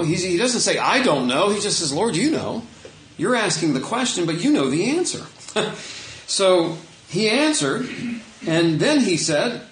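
A man's voice: on the high side, a little hiss or hum. Chatty preacher man in an echoey room. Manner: conversational, self-correcting, chuckles softly. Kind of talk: sermon with scripture reading.

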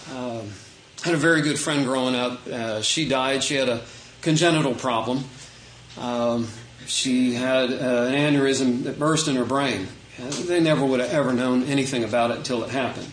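A man preaching an unscripted, conversational sermon as pastor, shifting between emphatic points and quiet asides. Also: medium pitch, roomy sound, slight background noise, rough recording.

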